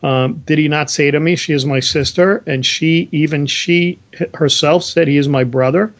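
A man's voice: on the high side, steady tone, moderate pace. A man co-hosting a Bible discussion, explaining verses earnestly and reading scripture aloud. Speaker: Bible study co-host.

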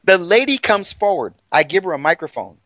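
Man, emphatic storyteller, slightly high voice, dry close sound. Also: very animated, brisk, a bit bright, dry recording, poor audio. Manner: emphatic, retells dialogue with exaggerated quoted voices. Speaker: guest. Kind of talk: animated storytelling in a podcast conversation.

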